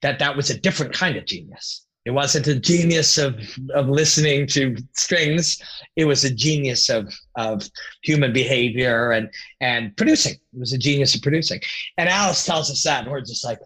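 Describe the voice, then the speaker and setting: Animated, profane male storyteller. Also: mid-range voice, normal speed, rough recording. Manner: animated, profane, acts out quoted voices. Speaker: podcast guest, former rock musician. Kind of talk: casual storytelling.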